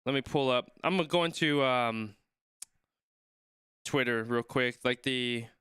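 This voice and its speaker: A man's voice: mid-range voice, measured pace, fairly bright tone, clean tone, no echo, clean studio sound. A young man watching a rugby match live and chatting along, reading viewers' comments and thinking aloud, often trailing off mid-sentence. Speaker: streamer reacting to a rugby match.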